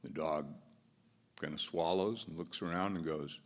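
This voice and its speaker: A man's voice: low voice, a little slow. An American man moderating a business event, giving easygoing opening remarks with fillers and restarts into a podium microphone. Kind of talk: opening remarks with a told joke. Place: large conference hall. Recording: long reverb of a large hall.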